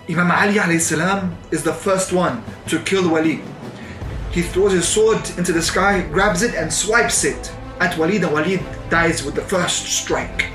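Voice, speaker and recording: Man telling a sermon story in an echoey room. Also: on the high side. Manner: vivid, building intensity, acts out quoted voices. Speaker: preacher.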